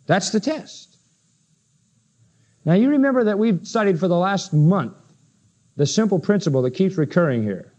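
A man preaching an expository sermon, emphatic, firing rhetorical questions at his listeners and slowing down to read scripture aloud. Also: fairly high pitch, dark tone. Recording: dull lo-fi sermon recording.

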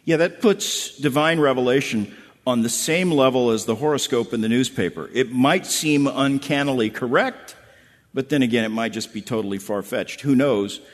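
A man's voice: mid-range voice, moderate pace, big-room sound. A man hosting a radio discussion in an easy, conversational way, sometimes reading quotes aloud.

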